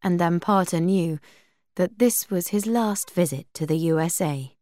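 Slow, deliberate woman reading a story. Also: lowish voice, darkish tone, dry recording. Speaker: narrator.

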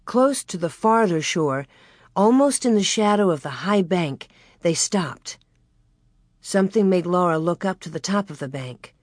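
Slow, gentle woman reading a storybook aloud. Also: fairly low pitch, lively intonation, dry recording, clean studio sound. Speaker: reader.

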